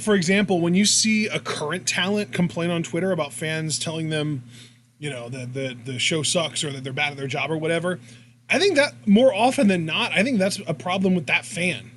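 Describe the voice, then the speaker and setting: A man's voice: a little high, a bit bright, a little hiss or hum. A man co-hosting a podcast in casual chat, explaining his views in a long, rambling, reflective way. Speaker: podcast co-host.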